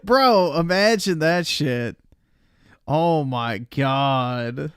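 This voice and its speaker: A man with a slightly high, smooth and resonant voice gives crude, mocking livestream commentary. He reacts bluntly to a video while talking to his chat. The sound is dry and close, with no room around it. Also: lively intonation, drawn-out words, no echo.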